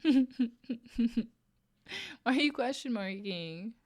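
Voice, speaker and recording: A woman's voice: a little high, animated, slow pace, a little mellow. Playful woman streamer chatting with chat. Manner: playful, laughs often, reads chat aloud. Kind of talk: casual stream chat while crocheting.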